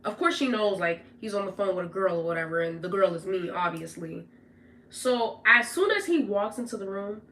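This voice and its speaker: A young woman tells a story to her viewers in a casual, animated way, swearing freely and tossing in "whatever" and "right?" as she goes. Her voice is bright and sits at a middle pitch. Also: fairly quick, slight background noise. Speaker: streamer telling a personal story.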